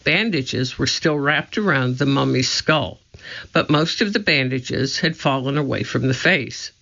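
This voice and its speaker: A storybook narrator reads slowly and deliberately. The voice is bright and has a gravelly fry. The recording is muffled and lo-fi. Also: medium pitch, expressive. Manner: slow, deliberate reading. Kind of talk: storybook reading.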